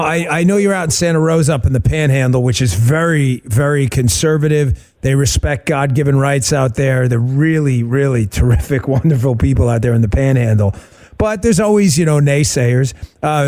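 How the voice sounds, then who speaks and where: A man's voice: fairly high pitch, normal speed, darkish tone. A man hosting a talk radio interview, talking emphatically with a sarcastic edge. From New York. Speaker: host.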